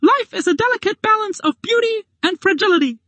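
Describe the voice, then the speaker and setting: A squeaky cartoon mouse. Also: animated, a little fast, bright, forceful tone, no echo, full character voice. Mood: earnest. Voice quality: squeaky, very high. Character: cartoon-style high male mouse narrator. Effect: AI-generated character voice.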